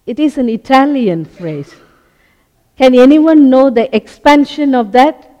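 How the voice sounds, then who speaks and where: Slow high-voiced preacher in a hall. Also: male voice, expressive, warm tone, highs cut off. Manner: slow, deliberate teaching with many short pauses. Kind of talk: sermon. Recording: long hall reverb.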